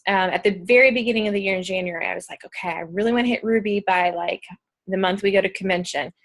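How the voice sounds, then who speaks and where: A woman's voice: medium pitch, fast talker. A woman from Pennsylvania hosting a casual goal-setting video call, bubbly and chatty with many fillers.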